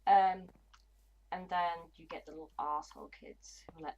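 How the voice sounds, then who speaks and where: A young woman talks loosely to her stream in a lowish voice, cursing without a second thought. She mumbles half to herself between remarks, and faint mouse clicks tick along in the background. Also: fairly even intonation, fast, dull audio, a little hiss or hum. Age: 20s. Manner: chatty and blunt, swears freely, mutters to herself while playing. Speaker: gaming livestreamer. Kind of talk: casual livestream chat while playing.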